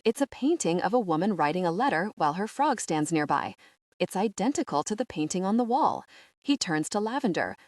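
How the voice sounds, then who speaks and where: A woman narrating an audiobook with expressive storytelling. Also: on the low side, a little fast, dry recording, clean studio sound. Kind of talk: scripted narration.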